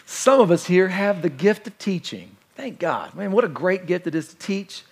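A male pastor delivers a sermon in a lively, conversational way, with playful asides to his listeners. His voice sits a little higher than most men's. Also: moderate pace, gravelly, slightly rough.

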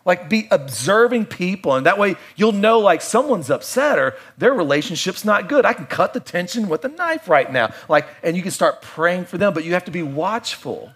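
A middle-aged man preaching a sermon in a conversational way, with playful asides and quiet, reflective stretches. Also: high-pitched, expressive, normal speed, few pauses, husky. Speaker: pastor.

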